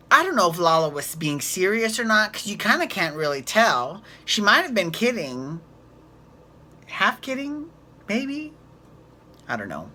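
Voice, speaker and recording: A woman's voice: low-pitched, pushed and bright. A woman casually recapping a reality show, rambling, sarcastic and swearing freely. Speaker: recap vlogger.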